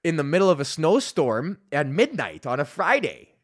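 A man's voice: a little high, big pitch swings, normal speed. A man in his thirties from Canada, hosting a podcast and telling a rambling, profane story in casual chat. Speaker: podcast host and comedian.

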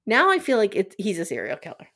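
A woman's voice: medium pitch, huge pitch swings, quick pace, a bit bright. Woman host, casual recap chat, blunt and jokey, laughs a lot. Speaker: podcast host.

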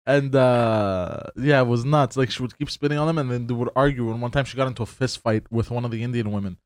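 A man in a casual podcast chat, telling an anecdote in a relaxed, loose way. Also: medium pitch, fast, no echo, clean studio sound. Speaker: podcast co-host.

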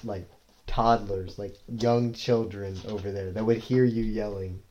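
A young man co-hosting a comedy podcast in a laid-back, mumbling way, often trailing off into quiet asides. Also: fairly low pitch, fairly even intonation, a little slow, muffled recording, a little hiss or hum. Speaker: podcast co-host. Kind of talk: casual comedic banter.

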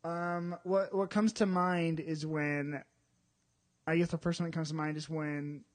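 A man co-hosting a casual podcast chat, talking in an animated way with quick asides. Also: a little high. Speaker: podcast co-host.

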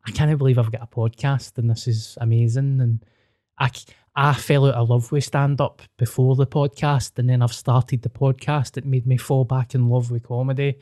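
A man's voice: mid-range voice, flat delivery, moderate pace, mellow, no echo, studio quality. A Scottish man hosting a podcast, chatting in a laid-back, sweary way. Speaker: podcast host and comedian. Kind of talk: casual chat.

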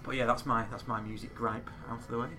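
A man in his thirties chatting casually on a podcast, animated and quick to swear and laugh. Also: mid-range voice, background noise. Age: 30s. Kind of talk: casual chat.

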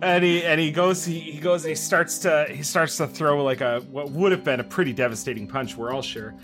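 A man playing a tabletop game on a podcast, telling the scene animatedly with quick restarts. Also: fairly high pitch, over music. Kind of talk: actual-play podcast banter.

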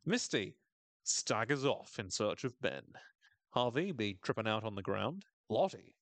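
A man's voice: on the low side, very animated, measured pace, a bit bright, no echo. A man hosting a podcast, recapping a TV episode in a casual, irreverent way, swearing and laughing often. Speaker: podcast host.

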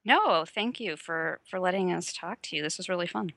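A woman co-hosting a podcast, chatting casually and telling lively self-mocking anecdotes. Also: lowish voice, moderate pace, gravelly, no room sound. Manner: animated, self-mocking storyteller. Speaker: podcast co-host.

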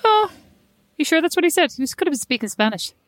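A middle-aged woman co-hosting a casual chat, telling animated stories and teasing her friend. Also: high voice, fast, dry recording. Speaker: podcast co-host.

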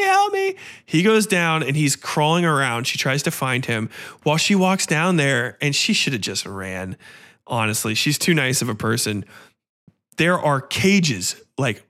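A man hosting a podcast, retelling a horror film in a casual, profane, animated way. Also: medium pitch. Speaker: podcast host. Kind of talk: casual film review chat.

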